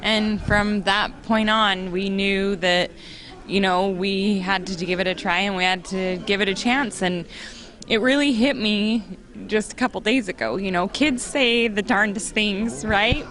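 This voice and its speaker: A woman in her forties, an interview guest, sharing an emotional personal testimony with earnest warmth and occasional laughter. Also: mid-range voice, steady tone, a little slow.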